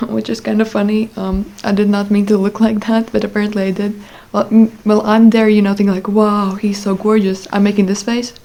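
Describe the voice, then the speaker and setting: A woman's voice: mid-range voice, flat delivery, a little fast, vocal fry, warm tone. Chatty young woman telling a story. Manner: chatty, with many fillers and asides. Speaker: vlogger. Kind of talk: casual storytime.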